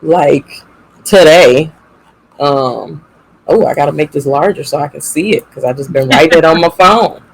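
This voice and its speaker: Co-host, gravelly creaky voice, mid pitch, playful and expressive casual delivery. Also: moderate pace, rough recording. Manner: expressive, playful, gets animated. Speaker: podcast co-host. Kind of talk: casual chat.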